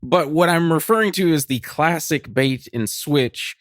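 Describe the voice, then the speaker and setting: A man's voice: on the high side, measured pace, no room sound, studio quality. A man co-hosting a podcast, ranting cynically in casual chat, swearing and laughing often. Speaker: podcast co-host.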